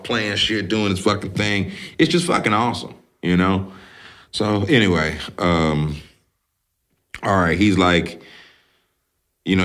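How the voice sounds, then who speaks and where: A man's voice: sits low, a bit bright. A man hosting a podcast, recapping a film in a casual, profane, slangy way. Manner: profane, slangy, laid-back. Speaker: podcast host.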